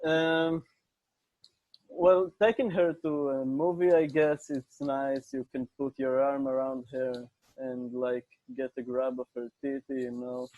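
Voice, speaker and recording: A man's voice: medium pitch, steady tone, a little slow, lo-fi sound, background noise. A man from Israel with an Israeli accent, a native Hebrew speaker, chatting bluntly and crudely as a podcast guest. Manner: blunt, crude, laughs often. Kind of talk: casual podcast chat.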